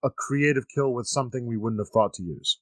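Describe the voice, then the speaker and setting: A man co-hosting a casual podcast, talking in halting, rambling sentences. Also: mid-range voice, no room sound. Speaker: podcast co-host. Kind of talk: casual horror movie chat.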